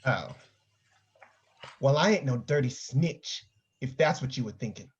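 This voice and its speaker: A man's voice: medium pitch, animated, unhurried, lightly acted. A man reading the part of a crude, teasing homeless older man in a play reading over a video call. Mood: haggling. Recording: dull lo-fi video call audio.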